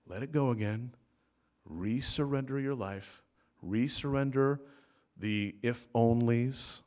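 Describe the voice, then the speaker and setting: A man preaching a sermon as pastor in a church, swinging between loud emphatic peaks and soft low asides. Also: takes it slowly. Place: church sanctuary.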